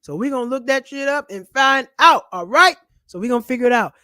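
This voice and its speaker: Loud joking man ranting to camera. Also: extremely high pitch, a little fast, dry recording, clean studio sound. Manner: loud, animated, slangy and joking. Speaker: channel host and comedian. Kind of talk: casual personal finance vlog rant. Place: at home, seated in a chair. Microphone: camera mic.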